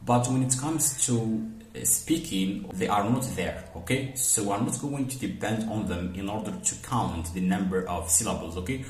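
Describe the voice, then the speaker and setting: A man with a fairly low voice is teaching a phonetics lesson. He works through each point patiently, repeating the example words slowly and leaning on "okay" and "for example". The recording has a noticeable room echo. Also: a little mellow.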